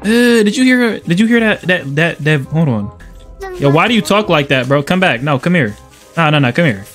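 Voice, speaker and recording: A young man trash-talking in casual game voice chat, loud, brash and swearing. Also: on the high side, lively intonation, moderate pace, faint music behind. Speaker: gamer in voice chat. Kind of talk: loud playful game banter.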